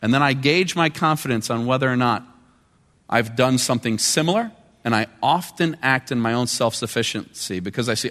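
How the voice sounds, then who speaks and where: Male pastor, conversational sermon delivery with quiet and emphatic turns, recorded in a reverberant church hall. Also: medium pitch, brisk. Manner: conversational preaching, shifting between quiet and emphatic. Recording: long reverb of a large hall.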